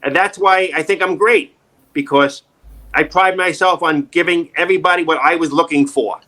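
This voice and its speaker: A man's voice: a little high, moderate pace. A middle-aged man, an acting coach, talking in an emphatic, repetitive way in a casual interview. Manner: emphatic, repetitive, animated storytelling.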